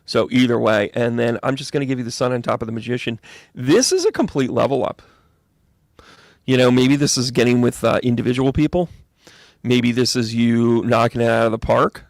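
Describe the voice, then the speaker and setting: A man reading tarot cards and astrology live, talking in a rambling, jokey way that jumps into excited bursts. His voice is mid-pitched with a gravelly edge. The sound is dry and close, with no room around it. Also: a little fast, no room sound. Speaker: psychic medium reading tarot.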